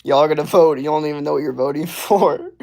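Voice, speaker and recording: A young man streaming live, reading out viewer comments in a relaxed, drawling way, often saying "bro" and "hell yeah.". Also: fairly high pitch, fast talker, gravelly. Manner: laid-back, drawling, says "bro" and "hell yeah" a lot. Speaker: livestreamer. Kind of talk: casual livestream chat reading viewer comments.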